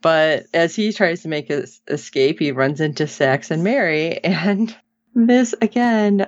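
In a deep voice and a slightly slow delivery, a podcast co-host chats casually while recapping a TV episode. She animates the story, performs the quotes and laughs a lot, all on a dull, lo-fi recording.

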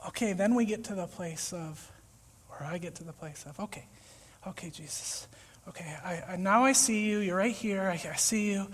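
A man preaching a casual, conversational sermon, acting out little scenes with sudden shouts and whispers. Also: high-pitched, normal speed. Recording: echoey hall with long reverb.

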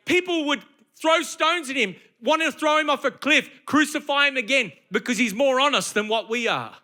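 A man preaching a sermon, emphatic and conversational, slipping into quick acted asides. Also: extremely high pitch, pushed and bright.

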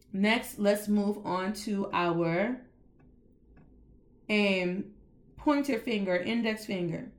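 A woman teaching a lively classroom lesson, spelling out words slowly. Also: mid-range voice. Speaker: Spanish teacher.

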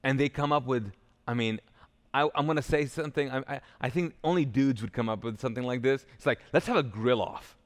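A male pastor with a medium-pitched, clear, resonant voice talks fast while preaching live in a church, the recording carrying the hall's reverb. He retells a story casually and jokingly, paraphrasing loosely.

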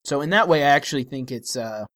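A man's voice: mid-range voice, expressive, quick pace, fairly bright tone, no room sound. Wry analytical man, dry sound. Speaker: film podcast co-host. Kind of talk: casual film discussion.

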